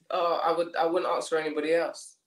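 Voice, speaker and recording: Woman guest, candid and chatty, mid voice, echoey room. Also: deep voice. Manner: candid, laughing, repeats phrases. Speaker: podcast guest. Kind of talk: casual conversation. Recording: roomy echo.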